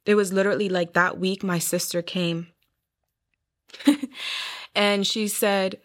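Her mid-range voice stays fairly even at a moderate pace, broken by long pauses, as this young woman tells her testimony in an interview. She is an earnest guest, voicing the words of others as she recounts them.

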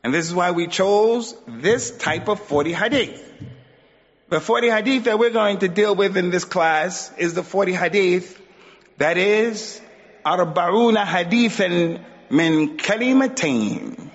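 An Islamic teacher with a high-pitched voice speaks unhurriedly, urging his audience on during an emphatic religious lesson in a mosque hall and acting out quotations. The recording is dull and carries a long hall reverb.

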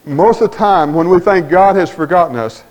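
Folksy preacher, fairly high voice. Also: male voice, normal speed, darkish tone, low-quality recording. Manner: folksy storytelling, acting out the dialogue. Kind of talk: sermon.

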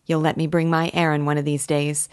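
Pious chatty village wife in broad rustic dialect, voiced by a woman reader; low voice, dry close sound. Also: little pitch movement, a little fast, clean tone, no echo, lightly acted. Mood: warm. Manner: rustic country dialect, homely and earnest.

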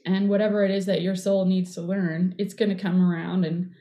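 A middle-aged woman in casual conversation, rambling and warm, with many fillers. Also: on the low side, little pitch movement, brisk. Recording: echoey room.

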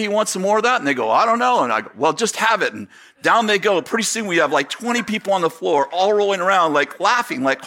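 A male pastor telling a story from the pulpit, jumping into quick impressions of the people in it and tripping over his own restarts. His voice sits fairly high and sounds bright and forceful. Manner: animated storyteller acting out dialogue, many fillers and restarts. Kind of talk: sermon with storytelling.

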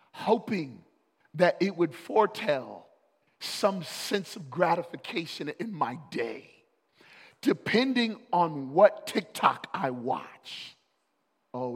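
High-voiced preaching pastor in an echoing hall. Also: male voice, slightly rough. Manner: preaching, building to loud urgent peaks. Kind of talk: sermon.

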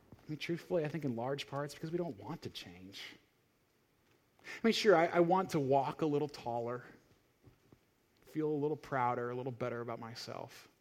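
A man's voice: medium pitch, husky. A male pastor giving a sermon in an emphatic style, full of searching rhetorical questions.

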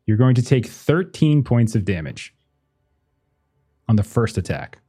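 A man's voice: lowish voice, sing-song, a little slow, dark tone, slightly rough. A man running a tabletop game as game master, thinking aloud with many fillers and laughing often as he talks. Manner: laughs often while talking. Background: faint music.

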